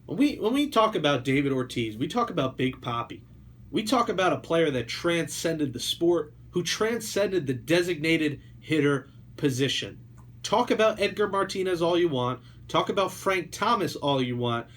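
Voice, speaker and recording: Fired-up male sports radio host, higher pitch. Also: animated, moderate pace, fairly bright tone. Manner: emphatic, repetitive build-ups.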